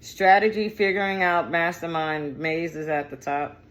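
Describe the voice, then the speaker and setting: A woman's voice: on the low side, level tone, normal speed. A woman giving a casual tarot reading, chatty and digressive, with slang and profanity. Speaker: tarot reader.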